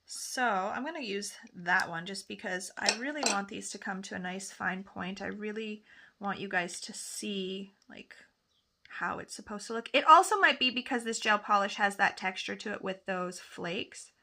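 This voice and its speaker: A woman's voice: medium pitch, moderate pace, sharp tone. A woman nail technician chatting casually through a tutorial as she paints, often correcting herself mid-sentence. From Canada. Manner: chatty, talks while painting, self-correcting.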